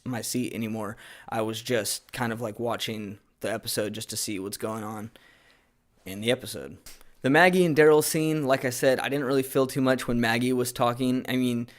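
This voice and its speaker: Laid-back man recapping a TV episode. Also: medium pitch. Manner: laid-back, rambling with fillers. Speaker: TV episode reviewer. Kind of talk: casual recap and review.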